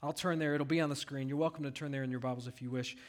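A man's voice: mid-range voice, steady tone, racing. A pastor preaching a sermon, reading scripture aloud and asking his congregation rhetorical questions.

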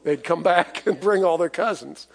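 A man's voice: fairly high pitch, moderate pace, creaky. A man preaching a sermon in a folksy, emphatic way, asking the congregation for responses and chuckling as he goes.

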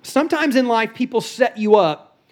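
A man's voice: very high voice, normal speed. A middle-aged man preaching as a guest pastor in a church, joking and conversational, on a stage microphone. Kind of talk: sermon. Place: church sanctuary.

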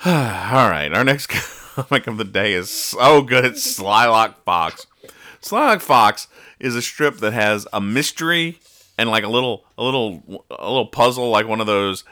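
A man's voice: medium pitch, expressive, moderate pace, sharp tone. A man hosting a casual podcast, dryly and sarcastically explaining comic strip jokes. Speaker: podcast host.

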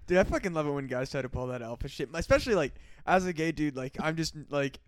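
A man guesting on a podcast rambles through casual chat, full of fillers and swearing. His voice sits a little high for a man. The sound is dry and close, with no room echo. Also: lively intonation, fast, clear, resonant tone. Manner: profane, filler-heavy, trailing off.

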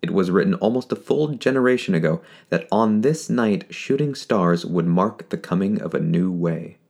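Deep, gravelly male story narrator. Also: lively intonation, moderate pace, a little mellow. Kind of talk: scripted fiction narration.

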